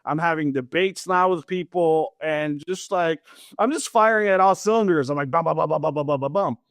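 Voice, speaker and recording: A man's voice: a little high, fairly quick, no room sound, studio quality. A man in his thirties, a podcast interview guest, tells his story casually, laughing often and acting out conversations. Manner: animated, laughs often, acts out dialogue.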